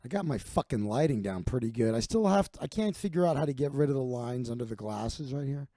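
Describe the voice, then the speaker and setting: A man's voice: mid-range voice, lively intonation, fast, dark tone, no room sound, clean studio sound. Profane, rambling male livestream host. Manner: rambling, profane, self-deprecating. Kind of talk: casual profane monologue. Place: home streaming setup.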